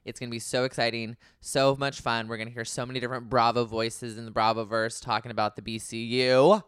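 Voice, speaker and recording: A man hosting a podcast in casual chat, excitable and jokey. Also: mid-range voice, a little fast, clear, resonant tone, no room sound, studio quality. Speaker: podcast host.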